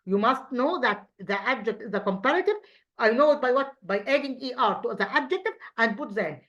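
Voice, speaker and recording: A woman teacher with an Egyptian accent, a native Arabic speaker, explaining an English lesson to children with halting restarts and quizzing questions. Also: a little high, animated, a bit bright. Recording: dull lo-fi sound.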